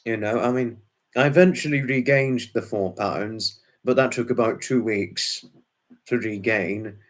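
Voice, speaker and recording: This man's voice sits fairly low and moves a little slowly as he talks live to his audience. Responding to viewer comments, he rambles and fusses, frequently starting over and exclaiming.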